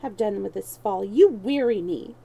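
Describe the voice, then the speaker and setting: A woman's voice: mid-range voice, animated, moderate pace, gravelly, warm tone, slightly rough, rough recording. A woman voicing a proud boy king in rags, speaking stiffly and scornfully in archaic speech.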